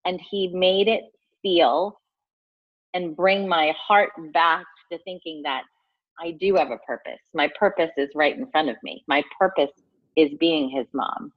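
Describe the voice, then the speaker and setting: A woman in her forties speaks low and heartfelt as an interview guest, often stumbling and restarting her sentences. Her voice sits deep for a woman, recorded dry with a slightly dull, lo-fi tone. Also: no room sound. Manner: halting and heartfelt, restarting phrases. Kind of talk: personal storytelling interview.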